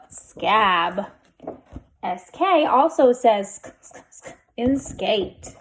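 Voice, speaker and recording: A woman leads a phonics lesson, breaking each word into its sounds and then blending them together. Her pace is extremely slow and deliberate, and her voice sits somewhat high. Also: expressive, a little mellow. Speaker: reading teacher.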